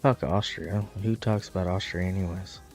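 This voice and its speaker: A young American man streaming, chatting casually in a profane, rambling, animated way. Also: low voice, moderate pace, faint music behind. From United States. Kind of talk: casual chat while gaming.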